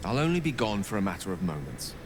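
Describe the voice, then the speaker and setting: A man's voice: lowish voice, sing-song, quick pace, background noise. An actor playing a witty, self-mocking male wizard in a video game, talking in a wry, chatty way. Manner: wry, talkative, self-deprecating.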